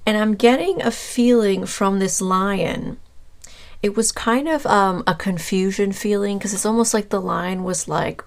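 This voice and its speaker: A woman giving a casual, rambling tarot reading, talking straight to her viewer and pausing with fillers as she searches for words. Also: mid-range voice, vocal fry. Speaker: tarot reader.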